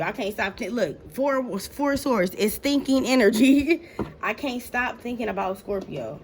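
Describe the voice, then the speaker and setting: In a casual tarot reading, a woman talks straight to her viewers as "y'all," blunt, slangy and profane, laughing often. Her fairly high voice has lively intonation and a moderate pace, with slight background noise.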